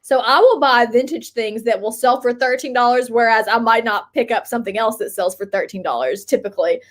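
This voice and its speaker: A high-voiced woman chatting on a casual livestream. She rambles from one story to the next, giggling often and talking with loose, easy energy. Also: a little fast. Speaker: livestream co-host. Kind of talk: casual live chat.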